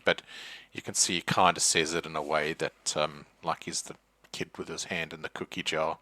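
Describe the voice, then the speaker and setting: A man's voice: extremely low pitch, level tone, normal speed, sharp tone, no room sound. A man narrating as game master, loose and hesitant with many fillers. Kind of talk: narrating a tabletop horror game.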